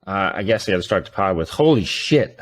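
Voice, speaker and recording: A man co-hosting a sports podcast who tells stories in an animated way, swearing and laughing freely. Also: low-pitched, normal speed, a little hiss or hum. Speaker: podcast co-host. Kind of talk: casual sports podcast chat.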